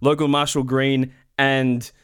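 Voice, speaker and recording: A man's voice: mid-range voice, flat delivery, slow pace, clear, resonant tone. An Australian man, the show's editor, chatting upbeat on a podcast. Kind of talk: casual podcast chat.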